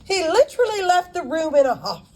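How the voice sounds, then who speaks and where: A woman's voice: very high voice, big pitch swings, pitched above the performer's own voice. A woman voicing a polite, dapper male attorney with a British accent in an audiobook. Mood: friendly. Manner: polite, cheerfully brisk.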